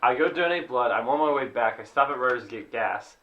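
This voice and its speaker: A man's voice: mid-range voice, lively intonation, a little fast. Young man telling a story, lo-fi. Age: young adult. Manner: rambling, laughing, acts out quotes. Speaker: podcast co-host. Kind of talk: casual storytelling chat.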